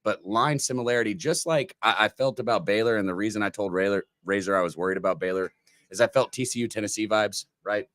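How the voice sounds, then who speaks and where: A man's voice: lowish voice, fast talker, fairly bright tone, no echo, clean studio sound. A man co-hosting a live sports betting stream, rambling and repeating himself as he talks to the chat.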